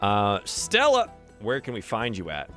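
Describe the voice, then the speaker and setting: A man running a tabletop game stream, introducing his players in an upbeat, enthusiastic way. His pitch swings freely and his tone is bright and forceful. Faint music plays behind him. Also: huge pitch swings, measured pace. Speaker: game master and host. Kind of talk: casual chat introducing players.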